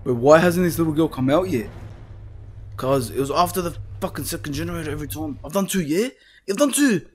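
A young man playing a horror game, swearing and panicking as he yells at the screen. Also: fairly high pitch, animated, fairly quick, husky. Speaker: gaming YouTuber. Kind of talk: horror game let's play.

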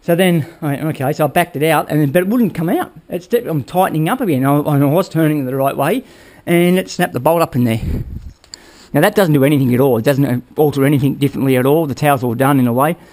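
A man's voice: fairly high pitch, quick pace, a little mellow. A man casually talking viewers through a motorbike build in his workshop, rambling and checking in with "all right?" as he goes. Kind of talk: casual workshop how-to talk.

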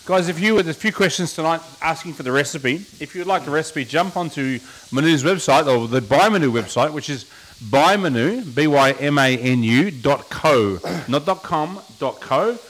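A man's voice: a little high, lively intonation, normal speed, fairly bright tone. A man co-hosting a live cooking stream, reading viewer questions in a breezy, teasing way.

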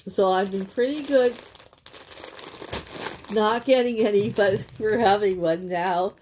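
Speaking slowly in a medium-pitched, darkish voice, a Canadian woman opens a gift package on camera, chatting casually, gushing, and laughing a lot. Packaging crinkles throughout, with slight background noise.

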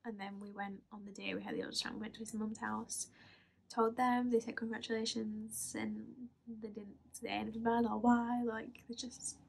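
Young woman from england chatting to camera, a bit high, gravelly fry in her voice, halting with lots of ums. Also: little pitch movement. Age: 20s. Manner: chatty, halting, many fillers and laughs. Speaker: vlogger. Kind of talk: casual storytelling to camera.

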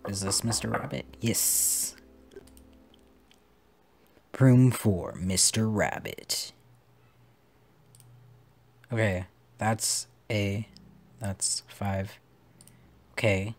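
A man's voice: on the low side, fairly even intonation, extremely slow, long pauses. A man giving playful let's play commentary on a puzzle game, swearing casually and chatting to the characters on screen. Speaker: gamer playing a puzzle game.

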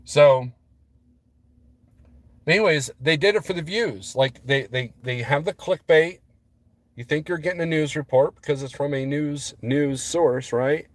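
A man's voice: a little high, measured pace, no echo. A man vlogging as a trucker, rambling casually to his viewers and getting worked up as he talks. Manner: rambling, restarts often, gets heated.

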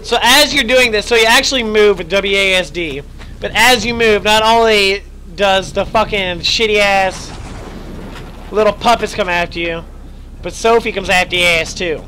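A man doing casual let's play commentary, excitable, joking and swearing a lot. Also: high voice, moderate pace, a little hiss or hum. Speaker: gamer.

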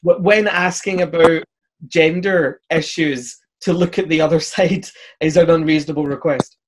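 A man's voice: fairly high pitch, steady tone, moderate pace. A man hosting a casual panel discussion, who stammers at the start of his points and makes wry remarks. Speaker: host.

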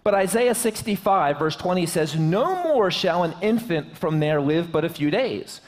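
High-voiced joking pastor in a hall. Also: male voice, very animated, moderate pace. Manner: joking, conversational preaching. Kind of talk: sermon. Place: church sanctuary.

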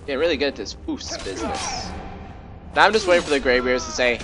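A fast-talking man with a very animated mid-range voice offers jokey let's-play commentary as he plays, now and then putting on goofy voices. Game music runs underneath.

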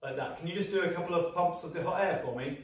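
A young British man leading a children's singing assembly, upbeat and encouraging as he guides vocal warm-ups and sound effects. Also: high voice, rapid-fire. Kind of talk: lively music lesson for children. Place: small flat, echoey room. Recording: echoey room, mic at a distance.

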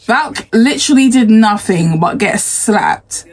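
A woman with a husky voice, talking casually in a gaming reaction vlog and breaking into excited exclamations before rambling on. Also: medium pitch, a little slow, faint music behind. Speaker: gaming YouTuber.

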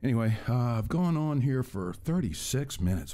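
A man's voice: medium pitch, sing-song, moderate pace, mellow. A man hosting his own channel, ranting in a rambling, profane, exasperated way, recorded on an earbud mic. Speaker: channel host. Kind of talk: casual vlog rant.

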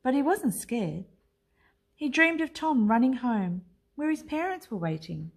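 A woman teacher reading a children's picture book aloud in an expressive, unhurried way. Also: a little high. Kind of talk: storybook read-aloud.

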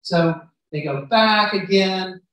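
A male preacher tells a scripture story to his congregation and voices the characters' lines as he goes. His voice sits at an ordinary pitch for a man. It is picked up from a distance and rings heavily around a large church hall. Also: slow, a bit bright, a little hiss or hum. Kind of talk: sermon retelling a Bible story. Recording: very echoey hall, voice far from mic.

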